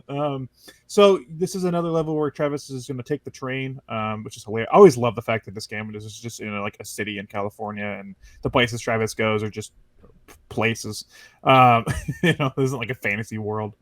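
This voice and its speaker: A man's voice: mid-range voice, steady tone, brisk, dry recording. A man hosting a casual gaming podcast, telling stories animatedly and laughing often. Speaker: podcast host. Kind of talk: casual chat.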